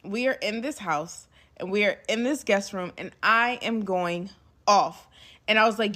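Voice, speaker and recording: A young woman talking straight to her audience in a casual storytime. Her delivery is emphatic and lively, with quick asides to her viewers, at a medium pitch for a woman. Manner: emphatic, animated retelling with acted quotes and asides to viewers. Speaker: storyteller recounting a past relationship.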